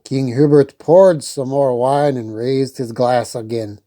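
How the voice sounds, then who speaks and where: A woman reading a storybook aloud in an unhurried, expressive way. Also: very deep voice.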